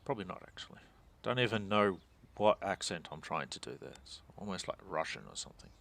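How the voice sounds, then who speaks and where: A man's voice: deep voice, animated, fast talker, gravelly, fairly bright tone. A man thinking aloud as he plays a strategy game, muttering and mocking his own mistakes. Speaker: gaming channel host.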